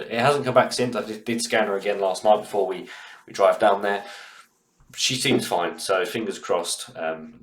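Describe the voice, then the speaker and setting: A man hosting a car vlog, talking casually with a congested head cold and a rambling, chatty manner full of fillers. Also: on the low side. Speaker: car channel host. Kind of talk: casual vlog talk to camera. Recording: roomy echo.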